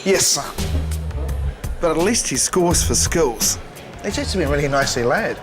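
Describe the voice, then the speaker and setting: A man's voice: a little high, big pitch swings, normal speed. Kiwi male chef host, jokey upbeat food critic, music underneath. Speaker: chef judge and show host. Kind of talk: tasting and scoring commentary.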